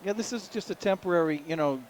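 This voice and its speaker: A man giving folksy color commentary on a local high school basketball game, rambling and repeating words, with faint noise behind him. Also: quick pace, a little mellow.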